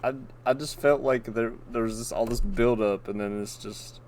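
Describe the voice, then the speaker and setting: A man's voice: mid-range voice, steady tone, normal speed, a little mellow, a little hiss or hum. A man in casual chat, skeptical and argumentative, chiming in with short remarks. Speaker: podcast co-host.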